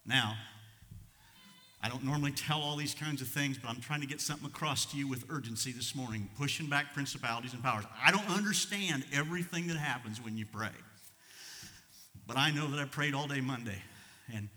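Middle aged pastor guy preaching hard then going quiet, super bright sharp voice, big echoey hall. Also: brisk. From United States. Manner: swings from loud fervent preaching to low, quiet asides. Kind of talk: sermon. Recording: long reverb of a large hall.

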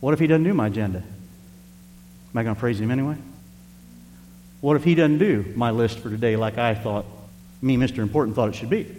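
A male preacher telling a personal story in a sermon, animated and speaking straight to the congregation. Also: mid-range voice, brisk, pauses often. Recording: reverberant hall with faint hum.

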